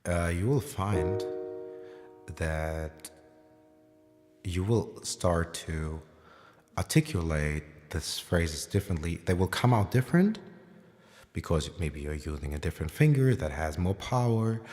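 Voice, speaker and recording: A man with an extremely deep, low voice gives a relaxed livestream piano lesson from home late at night, wandering through his thoughts with plenty of fillers. His voice rings with a long reverb, and a piano plays clearly behind him. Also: measured pace, pauses often. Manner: rambling, thinking aloud with many fillers; self-described as loud when excited. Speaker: piano teacher streaming live. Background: piano playing.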